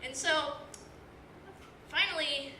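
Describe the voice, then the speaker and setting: Her high voice moves slowly over a noisy crowd. At an open mic in a small comedy club, the eighteen-year-old woman delivers a meandering, self-mocking story full of fillers, captured distantly in an echoey room with background noise before a live audience.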